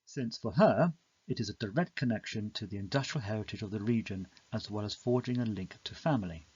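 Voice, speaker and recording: A man reading a scripted, measured explanation of a poem in an educational narration. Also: lowish voice, darkish tone, breathy edge, no room sound, highs cut off.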